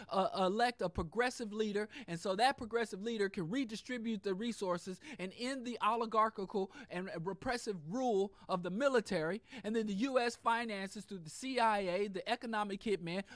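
A man delivering an impassioned political monologue, fiery and profane, hammering points in repetitive lists and dropping into low muttered asides. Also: no room sound, clean studio sound. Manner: swings between loud outbursts and low muttered asides. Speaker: podcast host.

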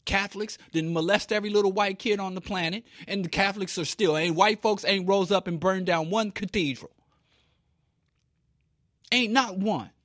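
A man's voice: high voice, moderate pace, fairly bright tone, no room sound, studio quality. A man from Kansas City giving an impassioned talk, emphatic and preachy, with rhetorical questions. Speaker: speaker.

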